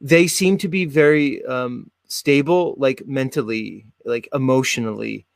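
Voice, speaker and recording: A man's voice: mid-range voice, a little slow, gravelly, no echo, studio quality. An American man from South Jersey hosting a casual chat show, rambling and full of fillers. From South Jersey, USA. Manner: rambling, filler-heavy, chatty. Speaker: podcast host.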